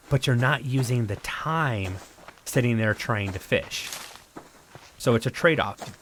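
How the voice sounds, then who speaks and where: A man streaming a survival game live, thinking aloud in a relaxed, rambling way as he plays. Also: mid-range voice, slight background noise. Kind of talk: casual live-stream gameplay commentary.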